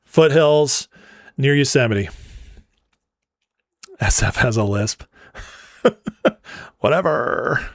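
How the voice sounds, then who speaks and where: A man's voice: medium pitch, very slow, pauses often, dry recording. A man from Northern California hosting a livestream. He reads out viewer comments and answers them with playful, mock-indignant teasing. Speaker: livestream political commentary host. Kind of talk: casual livestream chat reading viewer comments.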